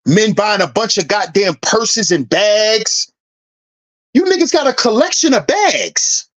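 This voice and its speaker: A man's voice: high-pitched, big pitch swings, measured pace, fairly bright tone. A man hosting a commentary channel, preaching an emphatic rant that repeats lines for effect and swears freely. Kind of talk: ranting social commentary.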